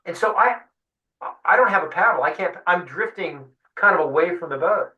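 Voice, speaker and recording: A man being interviewed, telling a lively story and acting out what the others said. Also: on the high side, brisk. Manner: animated storyteller acting out voices. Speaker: guest fly-fishing guide. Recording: roomy sound, mic at a distance.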